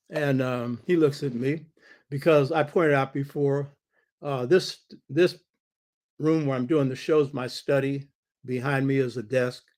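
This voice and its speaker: A man's voice: mid-range voice, darkish tone. An older man hosting his own show, giving an emphatic monologue lecture from his home study and repeating key phrases for stress. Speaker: show host.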